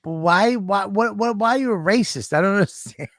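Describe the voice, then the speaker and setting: A man co-hosting a podcast in casual chat, talking in an animated, profane way and quick to be amazed. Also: high-pitched, no echo, clean studio sound. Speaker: podcast co-host.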